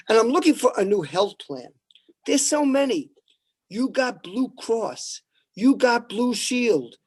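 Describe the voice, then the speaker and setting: A man doing stand-up one-liners at an open mic, with a deadpan delivery and pauses before each punchline. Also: high-pitched. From New York.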